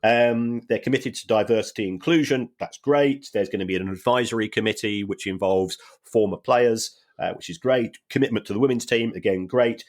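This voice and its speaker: A man co-hosting a podcast, talking through football finances in a measured, wry way with frequent restarts. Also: fairly low pitch, darkish tone. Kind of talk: casual chat.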